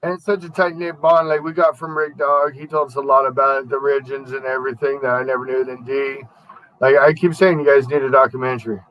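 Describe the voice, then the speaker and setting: A man's voice: mid-range voice, level tone, quick pace, highs cut off. Laughing, loose-talking male radio host. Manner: laughs often, loose and profane. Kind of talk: casual chat.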